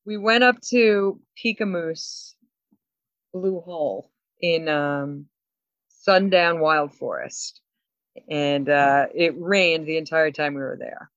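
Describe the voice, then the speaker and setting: Woman co-host, animated storyteller, laughs a lot, dry dull lo-fi sound. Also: deep voice, no echo. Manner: animated storyteller, laughs often, quick asides. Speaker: podcast co-host. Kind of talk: casual chat.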